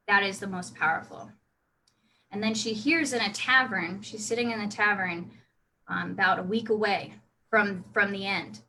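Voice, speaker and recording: A woman's voice: mid-range voice, bright, forceful tone, low-quality recording. A woman casually telling her role-play character's backstory, chatty with many restarts. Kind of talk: casual storytelling.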